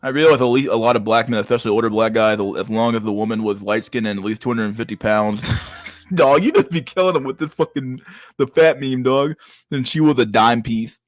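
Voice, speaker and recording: A man's voice: mid-range voice, fairly quick, no room sound. A man streaming and reacting to chat messages in a blunt, profane way, often stumbling and repeating words. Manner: profane, blunt, restarts a lot. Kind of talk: casual livestream chat.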